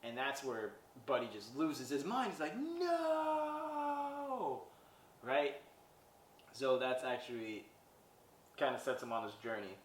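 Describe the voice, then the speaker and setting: In an echoey room with the mic set at a distance, a man hosts a podcast and loosely recaps a film, full of "he's like" lines and acted quotes. He speaks at normal speed in a mid-range voice, with a little hiss or hum underneath.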